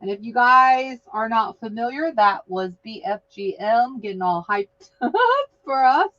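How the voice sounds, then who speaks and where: A woman hosting an online craft market live stream, exuberant and cheering winners with loud whoops. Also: a little high, a little slow, no room sound, highs cut off.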